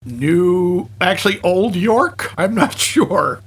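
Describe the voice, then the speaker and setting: A man's voice: sits high, expressive, slow, slightly rough. A man co-hosting a podcast, recapping a film with joking fake slips and corrections. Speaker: podcast co-host. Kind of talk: comedic movie recap.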